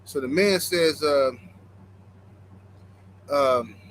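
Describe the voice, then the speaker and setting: Man, fairly high voice, blunt and mocking, live-stream boxing reaction, faint noise behind. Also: very slow, poor audio. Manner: blunt, mocking, talks straight to the audience. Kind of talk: casual live-stream commentary.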